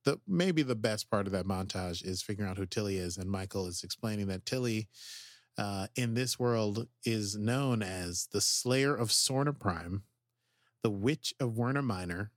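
A man co-hosting a casual podcast, recapping a TV episode in an animated way and acting out the characters' lines. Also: lowish voice, normal speed, dry recording, studio quality. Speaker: podcast co-host.

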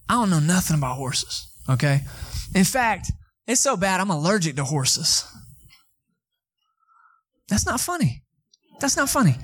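Man preaching, young, animated storyteller, a bit high-pitched. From Atlanta, Georgia. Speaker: pastor. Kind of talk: sermon.

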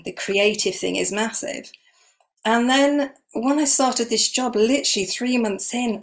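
Middle-aged woman, gravelly voice, spilling her story in an interview, emotional and frank. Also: mid-range voice. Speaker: guest, energy healer.

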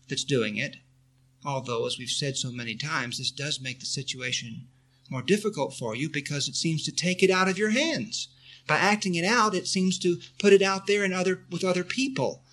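An earnest man speaks as a spiritual teacher, answering a question from his listeners. He sits a little high in pitch for a man. He keeps coming back to the same points and leads the group through spoken affirmations. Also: fairly bright tone.

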